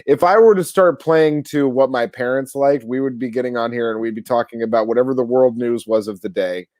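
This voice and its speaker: A man's voice: medium pitch, a little fast, a little mellow, dry recording. A man co-hosting a live stream show, chatting casually with laughs and repeated words. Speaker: podcast co-host.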